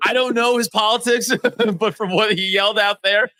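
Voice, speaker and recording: Bright man cracking jokes. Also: high voice, steady tone, normal speed, no echo. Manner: joking, profane, laughs often. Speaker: podcast co-host. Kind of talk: casual chat.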